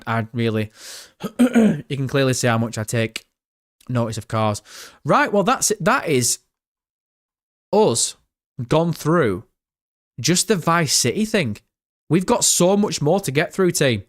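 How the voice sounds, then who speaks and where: A man with a northern English accent hosts a live-stream reaction, chatty and joking as he reads viewer messages aloud. His voice sits slightly high for a man. The sound is close and dry, with no room around it. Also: fairly bright tone, dry recording.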